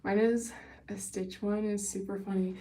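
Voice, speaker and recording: A young woman hosts a casual livestream, bubbly and gushing as she chats with viewers, a little winded from running. Her warm, medium-pitched voice has a flat delivery at a moderate pace. She is away from the mic in an echoey room.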